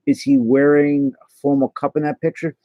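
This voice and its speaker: A man's voice: on the high side, little pitch movement, moderate pace, dry recording, highs cut off. Chatty man hosting a card livestream. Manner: chatty, answers chat messages aloud, stumbles and restarts. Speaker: livestream host opening trading cards. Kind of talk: casual livestream chat.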